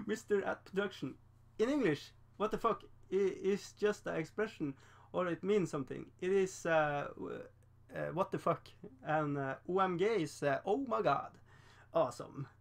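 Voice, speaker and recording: A man's voice: sits high, expressive, a little slow, gravelly. A man casually chatting on a painting livestream, rambling, laughing often and reading the chat aloud. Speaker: streamer painting miniatures.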